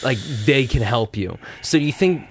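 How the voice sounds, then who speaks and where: A man's voice: mid-range voice, moderate pace. A young man co-hosting a casual podcast chat, telling stories with quoted voices. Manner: animated storytelling with quoted voices and laughter. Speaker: podcast co-host.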